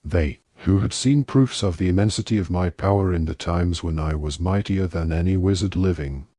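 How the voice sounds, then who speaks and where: Guy reading as a soft-spoken menacing dark lord, deep husky voice, audiobook. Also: no room sound, studio quality.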